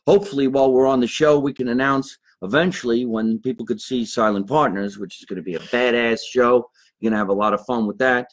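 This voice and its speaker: A man's voice: mid-range voice, fairly even intonation, fast talker. A man hosting a podcast from a basement, chatting and joking with a guest. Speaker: podcast host. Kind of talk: casual chat. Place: basement in New Jersey.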